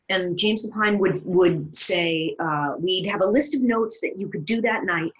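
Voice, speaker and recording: A middle-aged woman, a stage actor, telling a story in a casual interview and acting out the lines she quotes. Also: poor audio. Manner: animated storyteller, acts out quoted lines with big pitch jumps.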